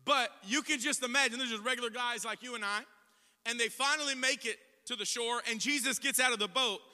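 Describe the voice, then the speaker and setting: A man preaching a sermon as pastor, telling the story with lively acted-out voices and building to shouted proclamations. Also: very high voice, a little fast. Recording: echoey hall.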